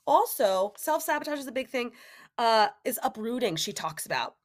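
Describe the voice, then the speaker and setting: Lively young woman hosting a podcast. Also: a little high, moderate pace. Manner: animated, casual, acts out inner voices. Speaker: podcast host. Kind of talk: solo podcast talk.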